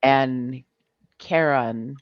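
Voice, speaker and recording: A podcast co-host talking in unhurried casual chat and laughing often. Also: medium pitch, no echo, lo-fi sound.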